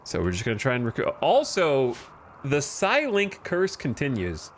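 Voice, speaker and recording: A man's voice: medium pitch, huge pitch swings, moderate pace, slight background noise. A man giving casual, wry, self-deprecating commentary while streaming a game.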